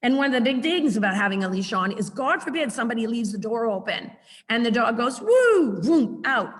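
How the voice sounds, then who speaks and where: A woman's voice: a little high, quick pace, long reverb tail. A middle-aged woman teaching a puppy training class on a video call, chatty and acting out her corrections to the dog. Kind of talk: online class lecture.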